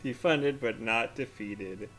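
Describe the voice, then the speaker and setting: A man's voice: medium pitch, takes it slowly, fairly bright tone, soft background music. A man eating chili as he scrolls his feed, rambling, giggling and trailing off mid-sentence. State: eyes watering from spicy food. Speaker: vlogger. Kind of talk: casual commentary while eating.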